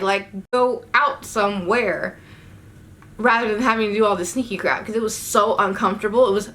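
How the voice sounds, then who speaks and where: Animated young woman telling a story. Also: mid-range voice, normal speed, a little hiss or hum. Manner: animated, swearing, slangy storytelling with sudden outbursts. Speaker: vlogger. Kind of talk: casual storytime.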